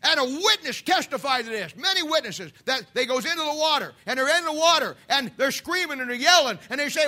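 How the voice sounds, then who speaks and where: A man preaching a sermon with a striking high pitch and a bright, piercing edge. He swings from booming shouts down to hushed, quiet asides. He has a fiery pulpit manner. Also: expressive, a little fast, hardly any pauses.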